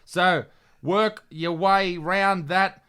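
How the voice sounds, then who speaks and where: A man with a distinctly high voice and an Australian accent. He hosts a comedy show with crude, loud banter, swearing freely and laughing as he reads captions aloud. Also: steady tone, drawn-out words, smooth. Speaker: host. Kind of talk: comedic commentary.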